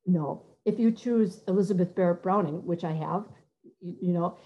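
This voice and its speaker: Woman, middle-aged, composer on a muffled call; stop-start delivery, sings brief examples. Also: on the low side. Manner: halting, searching for words, sings short phrases to demonstrate. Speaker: composer giving a talk. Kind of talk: conversational talk with many fillers and restarts.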